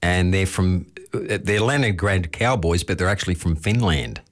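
Australian male radio host, lowish voice, laid-back request-show chat. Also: moderate pace. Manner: relaxed, chuckling, reads out requests.

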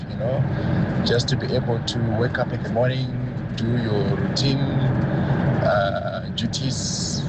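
A man recording a calm, reflective voice note outdoors. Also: medium pitch, very noisy. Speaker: listener sending a voice note. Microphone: phone.

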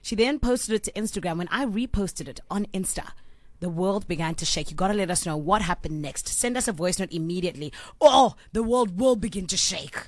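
A woman's voice: medium pitch, expressive, fairly quick, no room sound. A young woman hosting a radio show, telling a story with playful, teasing energy. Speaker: radio host.

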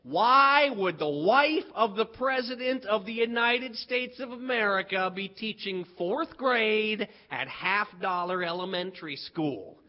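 A man's voice: high-pitched, expressive, measured pace, hardly any pauses, highs cut off. A man doing a prim know-it-all schoolgirl. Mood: skeptical. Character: prim fourth-grade girl, know-it-all.

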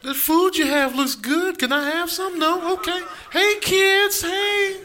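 A pitiful, hungry pet dog that begs in a very high, singsong whine, as a comedian puts it on. It pleads sweetly for scraps. The live recording is noisy with crowd sound. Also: male voice, slow pace, pushed and bright, heavily acted. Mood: begging.

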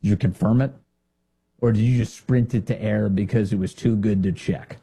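A man's voice: on the low side, steady tone, moderate pace, gravelly, warm tone, husky. A man hosting a political commentary show, talking in a sarcastic, mocking way and mimicking others in silly voices.

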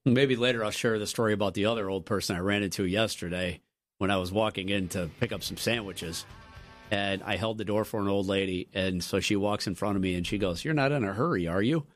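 A man co-hosting a radio morning show, telling stories casually and jumping up in pitch when he quotes people. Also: a little fast, soft background music. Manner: animated, jumps up in pitch for quoted lines. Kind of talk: casual storytelling chat. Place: radio studio.

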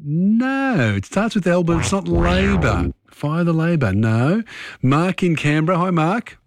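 A man hosting a late-night radio quiz, chatty and quick to laugh. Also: on the high side, very animated, dry recording, studio quality. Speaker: radio host. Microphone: studio microphone.

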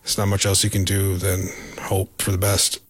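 A man with a very deep voice recalls a frightening time in an interview, flat and subdued. His pitch barely moves, and the recording is dry and close. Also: moderate pace, breathy edge, no room sound. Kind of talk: interview recollection.

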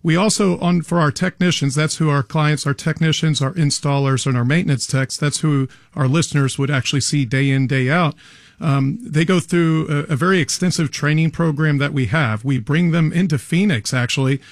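A man's voice: fairly high pitch, moderate pace, no echo, clean studio sound. A man appearing as an expert guest on a radio show, explaining earnestly with frequent restarts. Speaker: garage door company guest expert. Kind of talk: radio interview answers.

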